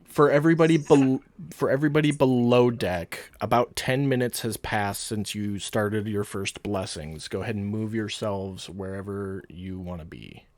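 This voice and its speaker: A man narrating as game master in a relaxed, casual way, with filler words. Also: on the low side, normal speed, hardly any pauses, dry recording.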